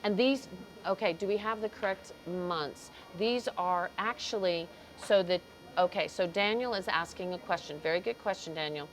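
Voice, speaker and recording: A woman's voice: on the low side, normal speed, soft background music, poor audio. A woman commentating a cattle show livestream in an arena, chatting, greeting viewers and stumbling over names. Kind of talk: live commentary.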